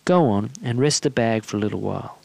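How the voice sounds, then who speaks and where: A woman's voice: extremely low pitch, brisk, vocal fry, darkish tone, no room sound, heavily acted. A man voicing a simple, doting middle-aged housewife with a pleading, uncertain manner.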